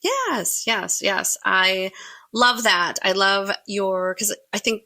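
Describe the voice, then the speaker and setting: Upbeat woman hosting a podcast, bright voice with a bit of fry, lots of yes yes yes, dry close mic. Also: mid-range voice, slow pace, dry recording. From United States. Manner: warm, effusive, many affirmations. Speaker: podcast host, Pilates teacher. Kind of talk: casual interview chat.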